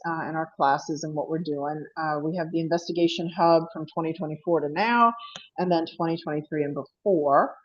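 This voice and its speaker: A woman's voice: deep voice, dull audio. A woman presenting her paranormal investigations at an online panel, chatty and apologetic, laughing often. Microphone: video call.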